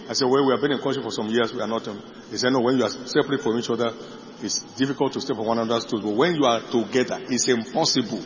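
A middle-aged male pastor preaching a sermon boldly, with bursts of shouting and laughter. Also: medium pitch, a little hiss or hum. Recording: dull echoey hall recording.

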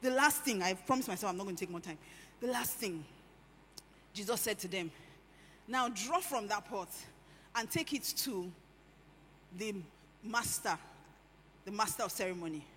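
A woman preaching a sermon, animated, swinging between hushed lines and loud emphatic ones. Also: mid-range voice, normal speed, long pauses, slight background noise. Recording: echoey hall with faint ambience.

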